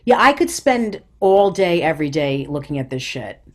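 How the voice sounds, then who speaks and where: A woman comedian talking as a podcast guest, blunt and quick to react, with some swearing. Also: low-pitched, sing-song. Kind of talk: casual podcast chat.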